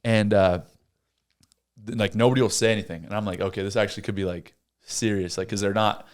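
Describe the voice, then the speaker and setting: A man's voice: fairly low pitch, fairly quick. A young man, a podcast host, telling a story in casual chat and acting out the voices in it. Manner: animated storyteller, acts out voices.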